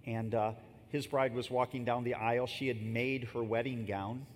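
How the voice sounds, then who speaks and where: This man, a pastor in his fifties, speaks at a normal pace with fairly even intonation, weaving stories and off-the-cuff remarks to the congregation into his sermon. Long reverb and a soft rumble fill the big church sanctuary.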